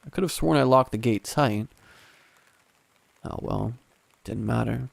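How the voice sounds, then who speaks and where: Gravelly male horror storyteller. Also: medium pitch, unhurried, dry recording. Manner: calm, steady first-person storytelling. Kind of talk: scripted horror narration.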